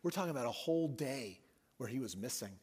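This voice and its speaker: A man preaching a sermon, telling the story with animated swings and dropping his voice soft for emphasis. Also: mid-range voice, quick pace, husky. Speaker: pastor.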